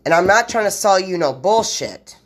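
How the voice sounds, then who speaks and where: A woman's voice: mid-range voice, lively intonation, moderate pace, slightly rough. A woman hosting a solo podcast, rambling in blunt, profane run-on sentences straight to her listeners. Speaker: podcast host.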